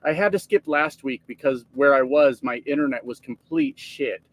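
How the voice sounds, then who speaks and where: A man's voice: a little high, sing-song, moderate pace. A man casually live streaming from his truck, greeting viewers by name and joking with plenty of profanity. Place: truck cab.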